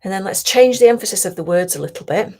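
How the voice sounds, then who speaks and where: A woman coach leading a guided tapping session, talking slowly and soothingly and often dropping to a whisper. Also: medium pitch, lively intonation. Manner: slow, soothing, softly guiding with whispered phrases.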